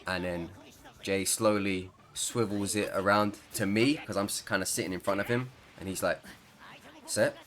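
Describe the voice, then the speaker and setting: A man's voice: sits low, fairly even intonation, normal speed, a bit bright, some chatter behind, a little hiss or hum. A man chatting casually over gameplay as a gaming creator, rambling and laughing mid-sentence.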